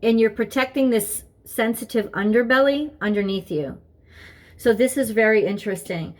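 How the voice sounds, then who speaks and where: A tarot reader with a fairly high voice speaks at a normal speed during a reading at home. She sits at her desk, her dog close by, and thinks out loud in an earnest way, often repeating herself.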